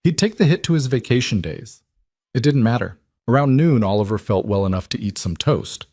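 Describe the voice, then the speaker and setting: A man narrating a scripted drama story in an even, measured way. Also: medium pitch, dry recording, studio quality.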